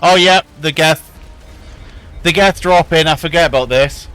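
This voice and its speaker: A man's voice: a little high, normal speed, long pauses, fairly bright tone, clean tone. A man giving casual, joking commentary while streaming a game and chatting with viewers. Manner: joking, laughs, chats with viewers.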